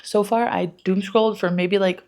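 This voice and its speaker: A woman's voice: mid-range voice, steady tone, normal speed, a little mellow. A woman chatting to camera in a casual, rambling vlog, laughing often and swearing casually. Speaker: book vlogger.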